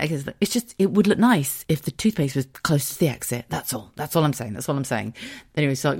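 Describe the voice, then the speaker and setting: Woman, low voice, chatty solo podcast, swears a lot, laughs at herself. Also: quick pace, darkish tone, husky. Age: adult. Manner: candid, self-mocking, sweary. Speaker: podcast host. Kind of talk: casual solo podcast chat.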